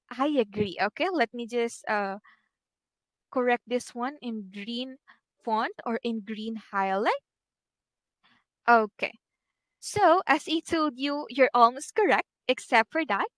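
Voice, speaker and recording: A woman teaching a one-on-one online English lesson, patient and encouraging, pausing to type corrections as she talks. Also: on the high side, no room sound.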